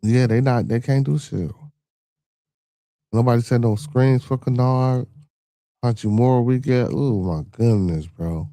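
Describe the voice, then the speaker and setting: On his podcast live stream, a man with a Chicago accent chats casually with viewers, swears without restraint, and keeps saying "you know what I'm saying." He speaks slowly at a medium pitch, mellow and full of long pauses, in a dry recording.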